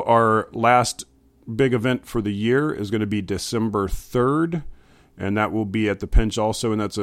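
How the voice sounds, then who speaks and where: A man making casual event announcements, halting and full of fillers. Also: on the low side, dry recording. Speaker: event organizer.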